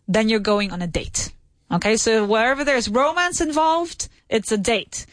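A woman's voice: fairly high pitch, moderate pace, no room sound. A woman teaching a private English lesson, patiently repeating answers and praising her students. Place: Madrid.

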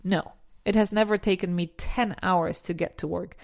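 A woman's voice: fairly low pitch, fairly even intonation, vocal fry. Woman teaching English drills. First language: Spanish. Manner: drills pronunciation, repeats words slowly, switches between English and Spanish. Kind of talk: bilingual language lesson.

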